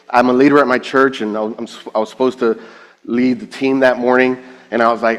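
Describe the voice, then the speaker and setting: A man's voice: medium pitch, fairly even intonation, brisk, long reverb tail. A man giving an emotional personal testimony on stage, acting out the dialogue he quotes. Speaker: speaker at a finance event.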